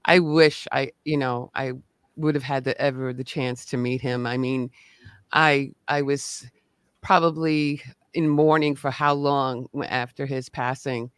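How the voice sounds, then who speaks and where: A male host in a casual interview, chatty and effusive, quick to laugh along. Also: mid-range voice, fairly even intonation, a bit bright, clear, resonant tone, no room sound. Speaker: show host.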